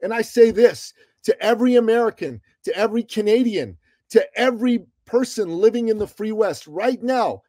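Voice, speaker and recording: A man telling stories as a podcast guest, emphatic and preachy, swinging between loud declarations and quiet reflection. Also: sits high, moderate pace, no room sound. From Iran. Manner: emphatic, preachy, rises and falls in loudness. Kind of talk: impassioned interview storytelling.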